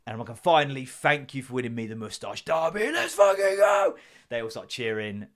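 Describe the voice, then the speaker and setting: Sweary podcast host, jokey. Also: male voice, mid-range voice, a little fast. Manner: sweary, jokey storytelling with mock voices. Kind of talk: casual solo podcast chat.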